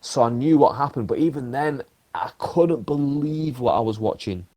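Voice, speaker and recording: Animated man in casual chat. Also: mid-range voice, normal speed. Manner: animated storyteller with emphatic swearing. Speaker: podcast host.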